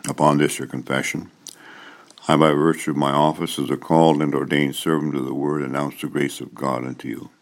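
A man with a profoundly low voice serving as pastor, preaching and leading the congregation through confession and prayer. He speaks in a solemn, measured liturgical cadence. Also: little pitch movement. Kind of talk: sermon and liturgy.

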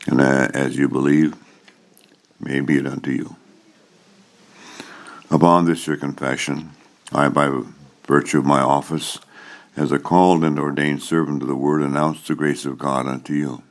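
A pastor with an extremely deep, low voice leads a formal liturgy. He speaks in a solemn, measured cadence and lets each phrase settle. It is a man's voice throughout. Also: little pitch movement. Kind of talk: liturgical service leading.

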